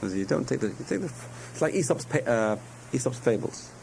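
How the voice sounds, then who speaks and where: A man's voice: medium pitch, big pitch swings, fairly quick, vocal fry, a little mellow, slight background noise, rough recording. A man giving a spoken Torah lesson, telling parables with digressions and self-corrections. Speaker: rabbi teaching a class.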